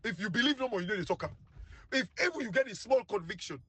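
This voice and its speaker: A man's voice: high voice, animated, quick pace, pushed and bright, husky, no room sound. A man with a Sierra Leonean Krio accent giving heated, scornful political commentary that repeats itself. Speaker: online commentator.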